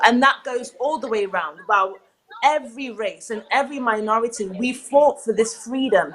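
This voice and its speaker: A woman's voice: fairly high pitch, fairly bright tone, poor audio. A woman from South Africa, a live-stream co-host, giving emotional, passionate commentary. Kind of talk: impassioned commentary.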